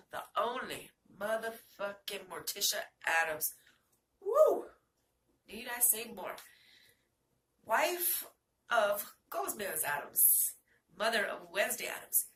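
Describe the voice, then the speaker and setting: Excitable, foul-mouthed woman vlogger in a roomy space. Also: fairly high pitch, slight background noise. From New Mexico. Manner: excitable, profane, rambling. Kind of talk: casual movie-list chat. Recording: roomy, from a distance.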